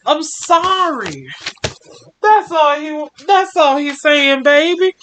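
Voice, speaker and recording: A young adult woman hosting a story time, reading a fan story aloud and breaking off with expressive commentary. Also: high voice, takes it slowly, slight background noise.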